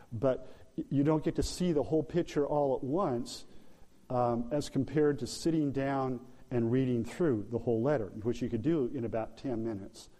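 A man's voice: mid-range voice, dark tone, in a large hall. A man preaching a sermon as pastor, talking informally with fillers and restarts. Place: church sanctuary.

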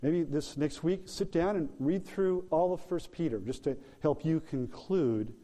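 Male pastor preaching, warm low-key voice, lots of ums, long church hall echo. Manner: informal, halting with fillers and restarts. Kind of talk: sermon. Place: church sanctuary.

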